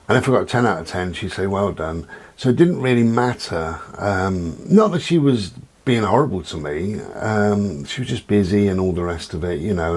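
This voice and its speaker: A man talking frankly in a rambling personal monologue, swearing now and then. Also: deep voice. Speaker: vlogger.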